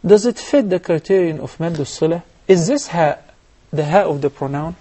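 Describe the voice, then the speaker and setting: Man teaching quran recitation, chants verses slow and melodic, kinda high and soft. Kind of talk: televised recitation lesson with live callers.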